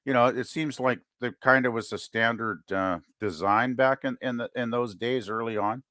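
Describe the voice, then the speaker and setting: A man's voice: medium pitch, normal speed, sharp tone, no echo, studio quality. A man from Canada co-hosting a casual chat, hedging with fillers. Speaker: podcast co-host.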